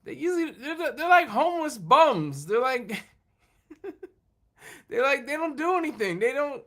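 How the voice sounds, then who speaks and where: A man with a high, bright voice hosts a casual livestream and talks straight to his viewers. He rambles, restarts his sentences and trips over his words as he goes. He sounds loose and unscripted. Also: sing-song. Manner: rambling, halting, with many restarts and laughs. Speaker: livestream host talking with viewers. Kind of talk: casual chat.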